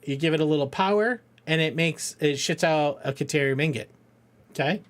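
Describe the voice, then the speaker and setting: A man's voice: a little high, brisk. Laughing, foul-mouthed man streaming a game. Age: middle-aged. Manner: rambling, jokey, swears freely, laughs often. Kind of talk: casual live-stream chat.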